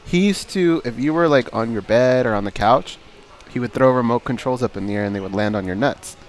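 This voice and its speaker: A man's voice: medium pitch, a little fast. A man hosting a radio talk show, telling anecdotes in a chatty way and laughing as he goes. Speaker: radio host. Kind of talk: casual radio chat.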